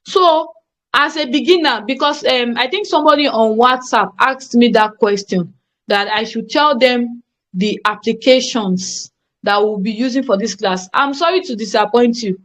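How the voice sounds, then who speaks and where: A woman's voice: on the high side, moderate pace, a bit bright. Emphatic woman teaching design. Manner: emphatic, repetitive, checks on students. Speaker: graphic design tutor. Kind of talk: live online class teaching.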